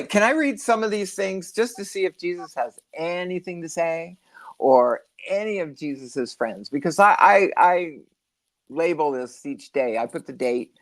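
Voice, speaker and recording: A middle-aged woman hosting a casual livestream from home, rambling and telling stories with lively expression. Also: lowish voice. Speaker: host.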